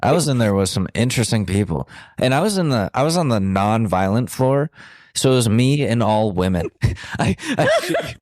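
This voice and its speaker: A man's voice: medium pitch, wildly swooping pitch, normal speed, a little mellow, no room sound, studio quality. A young man co-hosting a podcast, telling a candid story in a blunt, profane, self-deprecating way. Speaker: podcast co-host.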